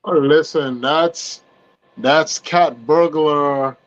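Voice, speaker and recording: An upbeat man co-hosting a casual podcast, with a voice pitched a little high. He sounds agreeable and chimes in often. The recording sounds dull and lo-fi. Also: fairly even intonation, drawn-out words. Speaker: podcast co-host. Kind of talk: casual chat.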